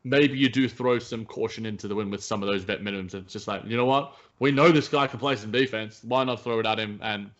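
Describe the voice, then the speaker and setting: A man's voice: fairly low pitch, quick pace, few pauses, fairly bright tone. A man co-hosting a casual basketball podcast, talking with many restarts and fillers. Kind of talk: casual sports chat. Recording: dull lo-fi sound.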